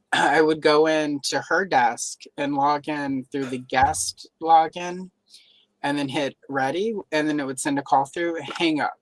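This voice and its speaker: A man with a fairly high voice tells workplace stories in a relaxed live-stream chat. He slips into the voices of the people he quotes. The sound is dry and close. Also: unhurried, no room sound. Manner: animated storyteller who acts out quoted voices. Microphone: live stream microphone.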